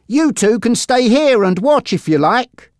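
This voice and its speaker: A narrator voicing a brisk, practical father in a storybook reading. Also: mid-range voice, big pitch swings, dry recording, clean studio sound, pitched above the performer's own voice.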